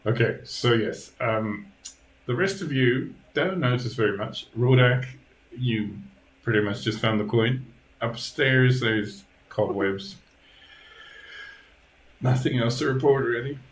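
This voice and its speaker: A man narrating a tabletop game as game master, hesitant with many pauses and restarts. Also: medium pitch, echoey room, low-quality recording. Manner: hesitant, lots of ums and restarts.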